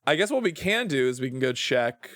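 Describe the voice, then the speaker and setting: A man's voice: medium pitch, very animated, a little fast, fairly bright tone, no echo, studio quality. A man streaming a game, chatting casually in a playful, rambling way and swearing often. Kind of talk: casual gameplay chat.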